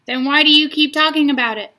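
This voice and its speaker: A woman's voice: sits high, fast, bright, forceful tone, voice pushed up. A woman doing a whiny little boy in a storybook. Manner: whiny, complaining. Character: whiny, frustrated young boy.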